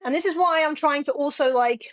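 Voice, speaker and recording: A young woman streams from home, rambling frankly to her live audience and swearing a lot. Her voice is high-pitched and fairly quick.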